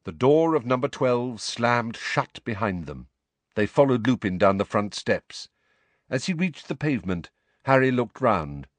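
A man reading a storybook aloud as narrator, with expressive, varied delivery. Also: mid-range voice, measured pace, no echo. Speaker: audiobook narrator.

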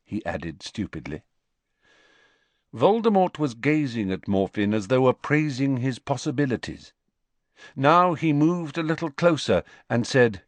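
A man narrating an audiobook in a deliberate, expressive reading. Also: medium pitch, no echo.

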